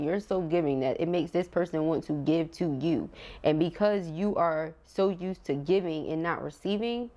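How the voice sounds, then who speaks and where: A woman's voice: low voice, warm tone. A woman giving a casual tarot reading to camera, chatty and emotional, laughing often and talking straight to her viewers, with features. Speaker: tarot reader.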